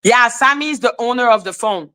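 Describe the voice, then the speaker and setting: Female host, bright, sharp high voice; unhurried, loud bursts of laughter, salty storytelling. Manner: animated, laughing, profane, breaks into shouts. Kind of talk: casual livestream storytelling.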